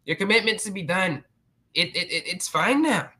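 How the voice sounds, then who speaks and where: Sarcastic man ranting, bright voice. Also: sits high, animated, moderate pace. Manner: sarcastic, mocking, restless. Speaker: channel host. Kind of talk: sarcastic rant commentary.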